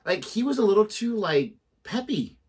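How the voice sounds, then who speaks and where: A man's voice: sits high, very animated, moderate pace, darkish tone, breathy edge. A man co-hosting a reaction video, chatting casually and hesitantly, with lots of "like" as he searches for his words. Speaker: reaction channel co-host. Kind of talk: casual chat.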